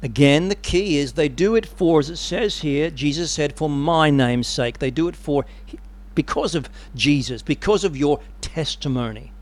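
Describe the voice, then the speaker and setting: A man preaching a sermon with animated, dramatic storytelling. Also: a little high, moderate pace.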